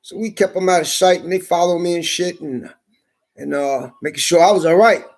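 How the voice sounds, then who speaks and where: A man delivering a heated, profane ranting monologue, his voice rising into shouts. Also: high voice, brisk.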